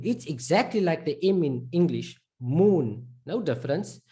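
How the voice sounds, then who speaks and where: A man from South Africa with a South African accent, teaching Arabic letters to a class and repeating each sound slowly. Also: a little high, animated, warm tone. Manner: slow, repeats sounds and words for students. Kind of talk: live online lesson.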